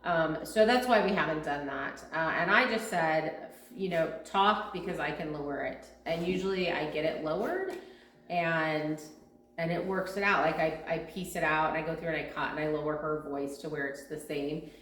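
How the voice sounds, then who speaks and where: Low-voiced woman chatting in a roomy space. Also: moderate pace, a bit bright, a little hiss or hum. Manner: chatty, explains at length with many fillers. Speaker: farm vlog co-host and video editor. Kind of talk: casual Q&A chat. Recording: roomy echo.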